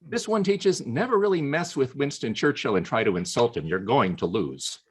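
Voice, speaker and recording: A man giving a humorous prepared speech at a club meeting over a video call, telling anecdotes with playful pauses. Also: medium pitch, expressive, breathy edge. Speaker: Toastmasters club speaker.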